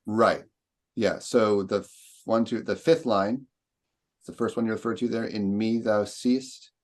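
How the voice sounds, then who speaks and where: A man's voice: lowish voice, steady tone, moderate pace. A man leading an online poetry seminar, explaining stress and meter and asking students questions. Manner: explanatory, questioning, tapping out rhythms.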